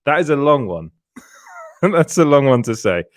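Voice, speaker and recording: A man's voice: fairly high pitch, sing-song, measured pace, dry recording, clean studio sound. A man co-hosting a casual live stream, reading out chat comments and laughing often between restarts. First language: French. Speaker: podcast co-host.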